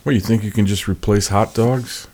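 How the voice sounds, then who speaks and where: Deep gravelly man, laid-back. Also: moderate pace, a little hiss or hum. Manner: relaxed retelling with many fillers. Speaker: record collector. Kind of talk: casual chat.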